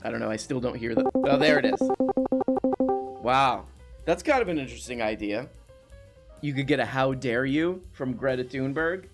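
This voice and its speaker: Deadpan, gravelly male show host. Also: medium pitch, moderate pace, long pauses, over music. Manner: deadpan straight man, flatly repeating the guest's claims. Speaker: host of a comedy call-in show. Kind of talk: deadpan comedic interview.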